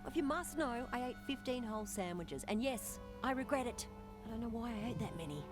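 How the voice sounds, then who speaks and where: Jittery, queasy alien local; high, lively, whiny apologies. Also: male voice, a little fast. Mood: nervous. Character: nervous sick alien townsman who overate. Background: game music.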